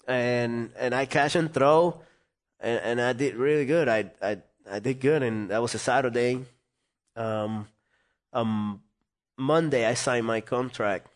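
Man telling a lively story. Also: medium pitch, a little slow. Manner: animated, acts out quoted voices. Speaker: interview guest. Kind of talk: storytelling in conversation.

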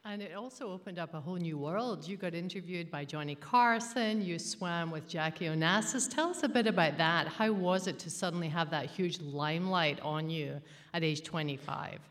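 A woman interviewer asking questions in a calm, measured way. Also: lowish voice. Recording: distant voice in a reverberant hall.

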